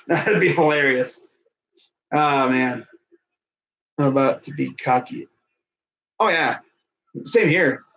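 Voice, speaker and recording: A man's voice: medium pitch, slow, pauses often, fairly bright tone, dull audio. A young man doing casual play-by-play of a baseball video game, chatty, laughing often and talking to someone off-mic. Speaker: fan commentator.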